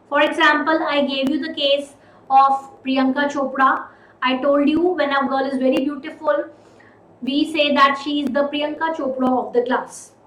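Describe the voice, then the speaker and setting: A woman teaching a recorded grammar lesson, repeating and stressing key words slowly. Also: high voice, a bit bright, reverberant, low-quality recording.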